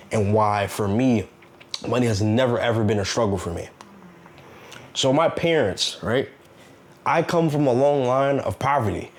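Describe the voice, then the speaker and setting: A man giving a casual motivational talk, earnest and preachy, repeating himself and asking rhetorical questions. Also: medium pitch. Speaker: self-help vlogger.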